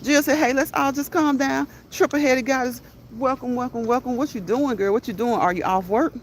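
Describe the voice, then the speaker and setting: A woman's voice: high voice, slight background noise. A woman hosting a casual livestream, reading chat messages aloud, laughing often and talking back to her viewers. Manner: quick, lively chatter.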